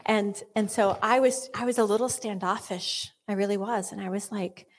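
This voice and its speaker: A woman's voice: medium pitch, steady tone, brisk, hardly any pauses, a little hiss or hum. A woman giving earnest Christian teaching with a personal story, often dropping to a whisper and restarting her sentences. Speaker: Christian speaker.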